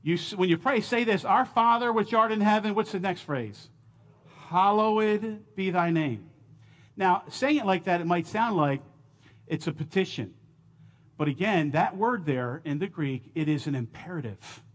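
A man with a high-pitched voice leads a church Bible class. He teaches in an earnest, emphatic way, stressing key words and turning often to the class with questions. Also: animated, moderate pace. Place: church auditorium.

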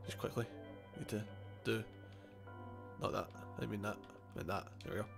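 A man's voice: lowish voice, moderate pace, vocal fry, over music. Easygoing man rambling through a game. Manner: rambling, self-correcting, chuckles often. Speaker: gaming channel host. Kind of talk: casual let's-play commentary.

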